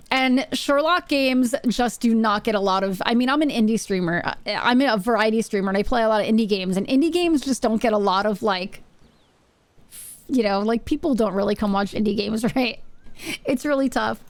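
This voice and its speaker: A woman's voice: a little high, dry recording. A woman live-streaming from her home setup, chatting casually with her viewers in a rambling way and often repeating her phrases. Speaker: Twitch streamer.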